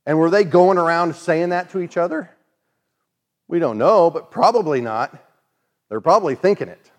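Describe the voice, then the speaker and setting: A man's voice: on the high side, lively intonation, moderate pace. A man preaching a sermon in a conversational way, acting out the voices of the people he quotes. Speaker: pastor.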